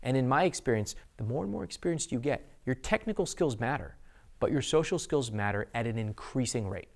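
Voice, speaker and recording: A man hosting an instructional talk to camera in a studio, speaking expressively and deliberately slowing his delivery to make points. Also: medium pitch, lively intonation, vocal fry. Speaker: host.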